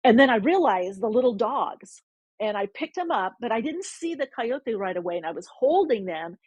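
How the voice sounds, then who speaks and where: Husky-voiced woman host telling a story. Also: fairly high pitch, moderate pace, no room sound, dull audio. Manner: rambling, self-interrupting, animated retelling. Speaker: podcast host. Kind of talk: casual spiritual storytelling.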